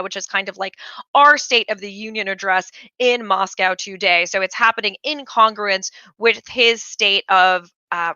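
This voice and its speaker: A woman's voice: mid-range voice, sharp tone, clear, resonant tone, dry recording, muffled recording. A woman hosting a political commentary show, chatty and opinionated with jokey asides. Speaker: host.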